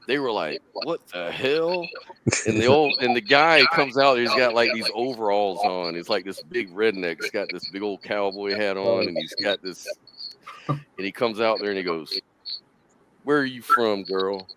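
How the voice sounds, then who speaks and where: A man's voice: fairly low pitch, normal speed, noisy background. Call-in host, male, rambling casual storyteller. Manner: rambling storyteller, says "dude".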